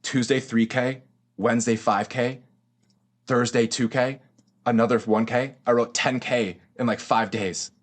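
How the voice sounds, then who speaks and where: A man's voice: medium pitch, fairly even intonation, a little slow. A man in his twenties, a podcast guest, telling his story in casual slang, swearing and saying bro often. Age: 20s. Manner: slangy and profane, says bro a lot.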